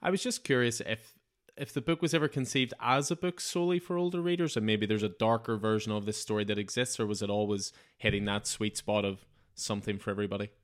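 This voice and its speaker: A man interviewing a guest, asking relaxed, curious questions in casual chat. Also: lowish voice, fast.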